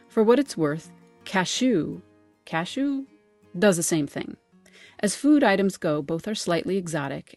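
A woman with an American accent, a linguist and editor, giving a measured, scripted explainer narration. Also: on the low side, darkish tone.

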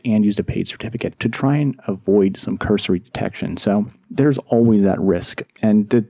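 A man's voice: lowish voice, creaky, warm tone, dry recording. A man on a tech podcast panel, explaining in a hesitant way with many fillers. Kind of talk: casual tech discussion.

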